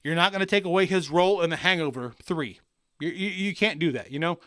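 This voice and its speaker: A man co-hosting a podcast, crude and excitable in his banter. His voice is high and bright, smooth and clear. The recording is dry and close. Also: a little fast, dry recording. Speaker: podcast co-host.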